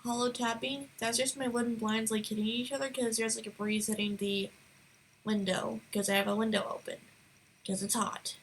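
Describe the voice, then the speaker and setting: A woman hosting a reaction video, chatting casually in a relaxed, rambling way from a room at home. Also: on the high side, moderate pace, slight background noise. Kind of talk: casual chat. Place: home room with an open window.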